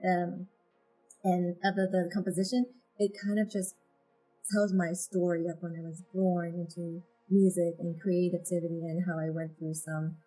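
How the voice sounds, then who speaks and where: A woman photographer and agency founder appears as a guest in a casual interview, speaking earnestly and from the heart while rambling a bit with fillers. Her voice is lowish, a little mellow and husky, and the recording quality is low.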